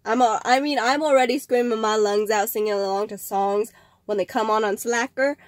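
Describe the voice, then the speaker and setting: A woman's voice: fairly high pitch, steady tone, moderate pace, dry recording, studio quality. A woman hosting a casual vlog, rambling in a chatty way with frequent laughs and filler words. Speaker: vlog host.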